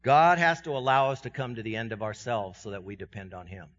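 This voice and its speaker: A pastor preaching a sermon to his congregation in a conversational way, with self-deprecating humor, his voice swinging from loud and high to quiet and low. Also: expressive, brisk. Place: church sanctuary. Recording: dull sound with long reverb in a church hall.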